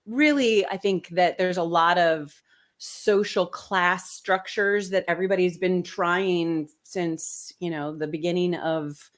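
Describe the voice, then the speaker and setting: A woman calling in as a guest, talking in a gushing, warm way with many hesitations and ums. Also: fairly low pitch, steady tone, takes it slowly. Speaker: call-in guest. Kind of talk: casual chat.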